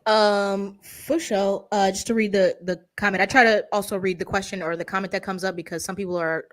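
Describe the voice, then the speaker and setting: A woman's voice: mid-range voice, steady tone, fairly quick. A woman hosting a live stream, chatting casually in a joking, slangy way. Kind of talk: casual chat.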